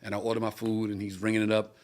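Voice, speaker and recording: A middle-aged comedian co-hosting a live-streamed talk show, telling a long, profane anecdote and acting out the voices of the people in it. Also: male voice, on the low side, completely flat delivery, fast, darkish tone. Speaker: comedian and co-host.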